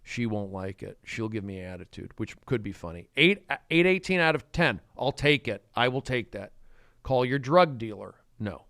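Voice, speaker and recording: Guy rambling on his phone livestream, jumps from yelling to muttering, super up and down, dry sound. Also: mid-range voice, lively intonation, moderate pace, dry recording. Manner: erratic, swings between shouting and mumbling. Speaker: livestream host. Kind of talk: rambling solo livestream chat.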